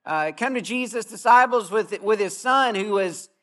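A pastor with a high voice preaches to a gathering outdoors. He tells stories with earnest warmth of purpose and draws out key phrases slowly for emphasis. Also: animated. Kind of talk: sermon.

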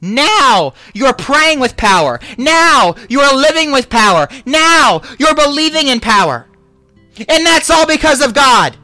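A pastor preaching a sermon in repeated, declaring lines that rise to shouts. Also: high voice, sing-song, measured pace, dry recording, soft background music.

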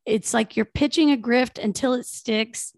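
A woman's voice: a little high, moderate pace, a little mellow, no room sound, clean studio sound. A young adult woman co-hosting a podcast, telling a story in casual gossipy chat with plenty of swearing. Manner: chatty, swearing, enthusiastic storyteller. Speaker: podcast co-host.

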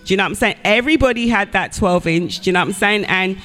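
A woman's voice: medium pitch, fast talker. A woman with an English accent hosting a radio interview, chatty, often saying "you know what I'm saying". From England. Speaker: radio host.

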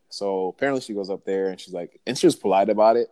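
A man with a very deep, low voice spins a story in a relaxed chat. He talks in slang and acts out each person's lines as he goes. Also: fast talker, hardly any pauses, dry recording. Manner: animated storyteller, slangy, acts out quoted dialogue.

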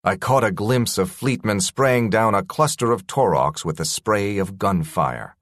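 A man's voice: on the low side, animated, unhurried, fairly bright tone, no echo, studio quality. A man narrating a science-fiction story in a dramatic, tense first-person reading.

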